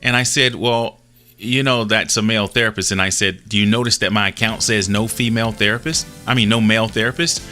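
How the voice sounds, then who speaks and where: Bright-voiced man telling a story. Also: lowish voice, fairly even intonation, brisk, soft background music. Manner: earnest, retells dialogue with small restarts. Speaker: host telling a personal story. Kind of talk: casual storytelling.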